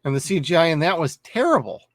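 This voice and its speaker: A man's voice: fairly high pitch, sing-song, fast, dry recording, studio quality. A man co-hosting a podcast, chatting casually about a horror film, swearing freely and laughing often. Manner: profane, laid-back, laughs often. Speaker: podcast co-host. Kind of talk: casual movie review chat.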